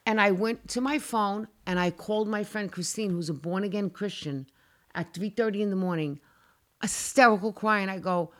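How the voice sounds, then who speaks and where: A woman with a medium-pitched voice and moderate pace tells a casual talk show about something frightening that happened to her. She's animated and dramatic, reenacting her cries and cursing as she goes.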